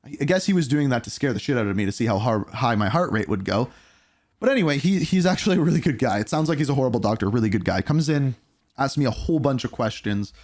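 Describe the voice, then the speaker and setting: A man in his thirties telling a candid storytime vlog, animated and blunt, with casual swearing. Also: mid-range voice, fast. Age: 30s. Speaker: YouTuber.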